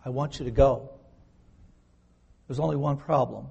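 A man's voice: mid-range voice, normal speed, gravelly, mellow, husky, highs cut off. A man in his fifties preaching a sermon, emphatic, repeating key words and putting questions to his listeners. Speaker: pastor.

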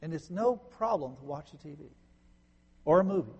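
A man preaching a sermon as a pastor, swinging from emphatic peaks down to quiet low phrases. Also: animated, moderate pace, long pauses, husky. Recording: long reverb in a large hall.

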